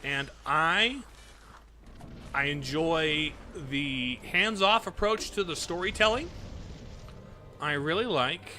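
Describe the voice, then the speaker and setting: A man's voice: on the high side, slow pace, long pauses, bright, forceful tone. A young man streaming a video game, chatting casually and reacting aloud as he plays, with faint game music behind him. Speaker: gaming streamer. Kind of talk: casual gameplay commentary.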